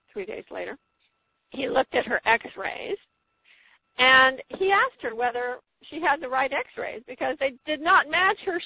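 A woman's voice: sits high, no echo. A woman guest telling a healing story in a phone-in radio interview, emphatic, acting out quotes with a rising voice. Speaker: guest, spiritual healer. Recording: tinny phone line, dry.

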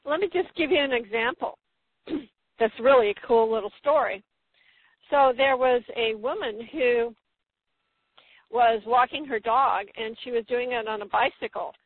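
A woman's voice: unhurried, slightly rough, dry recording. Woman storyteller on a tinny phone line. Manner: emphatic storyteller, acts out quotes with rising pitch. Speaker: guest, spiritual healer. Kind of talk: phone-in radio interview storytelling.

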